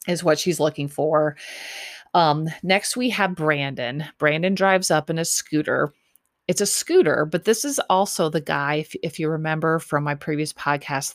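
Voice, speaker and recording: A woman with a low voice and a gravelly edge talks through a show recap in a loose, rambling way. She leans on fillers and repeats herself as she goes. The sound is dry and close, with no room around it. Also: no echo. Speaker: podcast host recapping a dating show. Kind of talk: casual chat.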